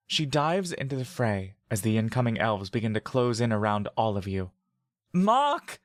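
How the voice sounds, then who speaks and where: A man's voice: fairly low pitch, no echo. Man narrating a story, dry close sound. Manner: steady, vivid storytelling. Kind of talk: scripted second-person story narration.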